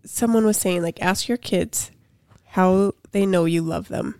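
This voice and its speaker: A woman in her thirties co-hosts a relaxed podcast chat, rambling through stories packed with fillers, especially "like". Her voice is fairly low, warm, and unhurried, recorded with no echo.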